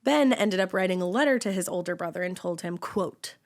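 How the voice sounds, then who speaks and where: A woman's voice: on the low side, a little fast. A young woman co-hosting a podcast, telling a true-crime story in casual chat with sarcastic asides and casual swearing.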